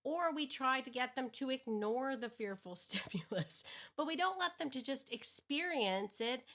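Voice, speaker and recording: A woman dog trainer talking through a lesson in a casual, animated way, laughing often and restarting her sentences. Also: high voice, normal speed. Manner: animated, acts out inner thoughts, laughs often; frequent restarts and repeated words. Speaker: dog trainer, show host. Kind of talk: casual teaching monologue.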